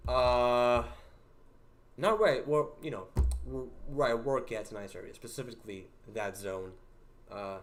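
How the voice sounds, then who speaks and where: A young man hosting a livestream, telling stories about work in a rambling, halting way with many fillers and laughs. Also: medium pitch. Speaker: livestream host. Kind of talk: casual storytelling to a livestream chat.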